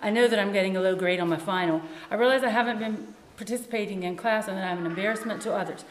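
A woman's voice: mid-range voice, fast talker, a little hiss or hum, natural voice. A woman voicing a despairing, ashamed young male student in a read-aloud story. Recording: echoey room with long reverb.

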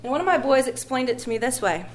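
A woman's voice: high-pitched, expressive, fast talker. Patient woman teaching music in an echoey room. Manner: patient, encouraging, sings short phrases to demonstrate. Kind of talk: classroom music demonstration. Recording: echoey room with faint ambient noise.

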